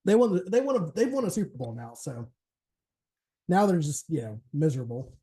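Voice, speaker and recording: Male streamer, casual chat, swears a lot, mellow voice, slightly high. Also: very animated, brisk, slightly rough. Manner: swears freely, rambling, laughs often. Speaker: streamer host.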